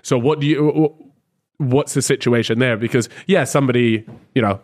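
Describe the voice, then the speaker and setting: A man's voice: mid-range voice, moderate pace, a little mellow. A man hosting a podcast, talking reflectively with many restarts. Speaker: podcast host. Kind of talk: podcast conversation.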